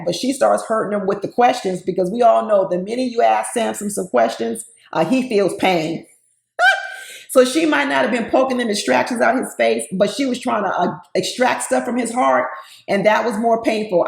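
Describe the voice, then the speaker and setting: A woman's voice: on the high side, normal speed, gravelly. A woman giving casual, opinionated commentary on a reality show, talking straight to her viewers with sass. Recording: roomy echo.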